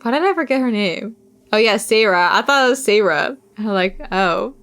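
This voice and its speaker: A woman's voice: a little high, expressive, moderate pace, fairly bright tone. Young woman reading a visual novel aloud. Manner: casual, self-deprecating asides. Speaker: streamer.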